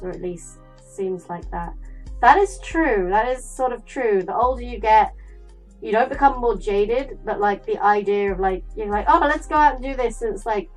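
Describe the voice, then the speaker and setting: A young woman playing a visual novel, reading its text aloud and breaking off into chatty, animated stories. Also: mid-range voice, poor audio. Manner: chatty, dramatic, animated storyteller. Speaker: gaming YouTuber.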